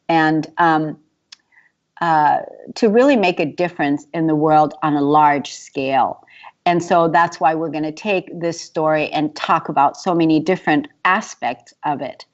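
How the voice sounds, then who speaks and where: A woman hosting a talk show interview who often repeats her words as she starts sentences. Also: deep voice. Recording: dull lo-fi recording.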